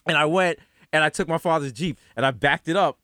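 A man's voice: a little high, fairly quick, sharp tone, clean tone, no room sound, studio quality. A man with a New York accent from the Bronx, telling a rambling funny story in casual chat, full of slang and swearing. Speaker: podcast co-host.

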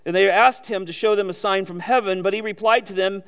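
A man preaching a sermon, swinging between emphatic raised passages and quiet low asides. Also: fairly even intonation, brisk, hardly any pauses, smooth. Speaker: pastor.

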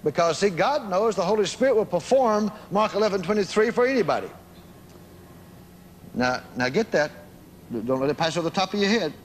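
High, lively-voiced man preaching. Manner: emphatic, repeating phrases, sudden slow-downs. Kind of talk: sermon. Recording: reverberant hall with faint noise.

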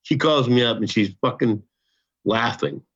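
A man's voice: mid-range voice, a little slow, a bit bright, slightly rough. An older man, a podcast guest, telling a long story in casual chat, swearing freely and repeating himself as he goes. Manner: profane, rambling, repeats himself. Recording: dull lo-fi sound.

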